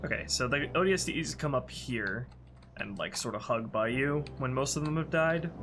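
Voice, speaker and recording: A man's voice: mid-range voice, normal speed, noisy background. A man with a stuffy, congested voice, casually thinking aloud as he edits a game level. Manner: thinking aloud, relaxed and offhand. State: congested sinuses. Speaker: game modder and streamer. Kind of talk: casual commentary while modding a game. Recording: music playing underneath.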